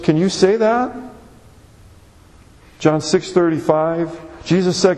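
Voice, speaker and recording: A man preaches from the pulpit with a fairly high voice and an easy, conversational delivery. He leans into his points, doubling words as he presses on. His voice carries through the long reverb of a big church hall. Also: unhurried, warm tone. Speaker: pastor. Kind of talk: sermon.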